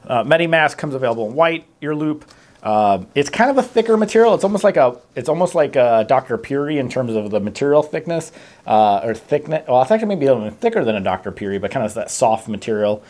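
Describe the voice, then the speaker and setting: A man's voice: medium pitch, a little mellow. A man giving a casual, rambling product review to camera, reading out test numbers and correcting himself often. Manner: rambling, self-correcting, many fillers; reads out test figures plainly. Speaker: mask tester reviewing products.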